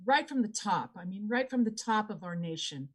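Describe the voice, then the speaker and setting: A woman answering as a candidate in an election debate, earnest and measured, with frequent fillers and restarts. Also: mid-range voice, expressive, breathy edge. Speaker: political candidate.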